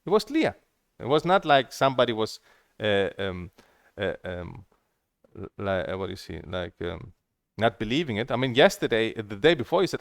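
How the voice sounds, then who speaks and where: Ranting man, pitch jumping all over. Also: big pitch swings, brisk, no echo, clean studio sound. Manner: angry, ranting, with many fillers and restarts. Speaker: streamer. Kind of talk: heated monologue.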